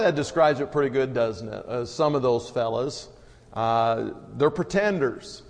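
A man preaching a sermon in a folksy, conversational way, with long hall reverb. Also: mid-range voice.

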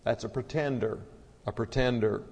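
A man's voice: medium pitch, normal speed, a little mellow. A man preaching a sermon in a folksy, conversational way, with long hall reverb.

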